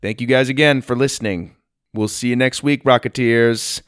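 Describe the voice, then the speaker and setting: A man's voice: medium pitch, fairly even intonation, moderate pace, dry recording, studio quality. A man hosting and narrating a children's story podcast, upbeat and friendly. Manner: upbeat and friendly, shouting out listeners.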